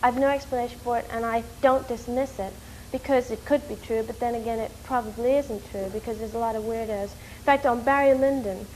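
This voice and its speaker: A woman from New York telling a story in an interview, animated and rushing, with many fillers. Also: a little high, slight background noise, poor audio. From New York, USA. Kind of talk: casual storytelling.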